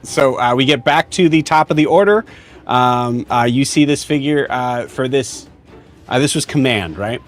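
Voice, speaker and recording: Man running a tabletop game, halting. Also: mid-range voice, soft background music. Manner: casual, halting with many fillers. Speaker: game master.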